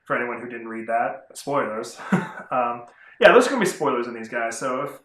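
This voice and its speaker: A man's voice: medium pitch, animated, normal speed, sharp tone. Chatty man in a roomy echo. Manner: rambling, chatty, self-correcting. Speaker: comic book reviewer. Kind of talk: casual vlog review.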